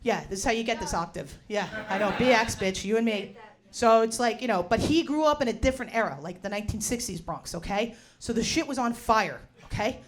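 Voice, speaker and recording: A woman's voice: a little high, a little fast. Brash, foul-mouthed woman comic in her forties. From New York. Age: 40s. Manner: brash, profane and loud, with big swings into shouting. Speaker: stand-up comedian. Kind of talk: stand-up comedy set. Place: bar with a live audience. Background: audience laughter.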